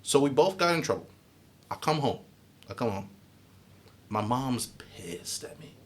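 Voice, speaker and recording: Young male podcast co-host, lively storyteller who swears freely and jumps all over his range. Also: medium pitch, moderate pace, long pauses, a little hiss or hum. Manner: animated storyteller, swears freely, acts out voices. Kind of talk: casual chat.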